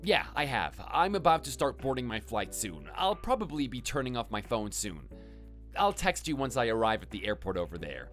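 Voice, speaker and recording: A man voicing a calm young husband in an animated story, talking in a plain easygoing way. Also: mid-range voice, normal speed, soft background music. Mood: relaxed.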